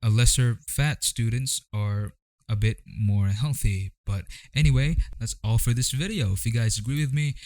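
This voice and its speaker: Wry young man with a mellow voice. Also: mid-range voice, normal speed, no echo. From Philippines. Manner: wry, rambling, jokey asides. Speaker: vlogger. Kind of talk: casual commentary vlog.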